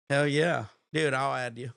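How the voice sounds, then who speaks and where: A man hosting a casual livestream, with laid-back, rambling chat and quick laughs. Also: medium pitch, steady tone, gravelly, a bit bright, clean tone, no room sound, clean studio sound. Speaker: livestream host.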